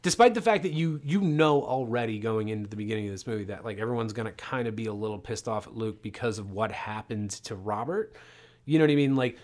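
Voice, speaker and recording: A man co-hosting a casual movie discussion, excited and swearing freely as he recaps the plot. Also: fairly low pitch, quick pace. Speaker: podcast co-host.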